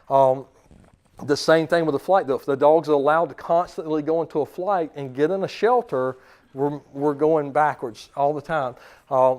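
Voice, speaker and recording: Brief: male dog trainer lecturing clients, casual and repetitive, fairly high voice. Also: a little mellow. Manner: conversational, repeats words, often checks in with "okay?".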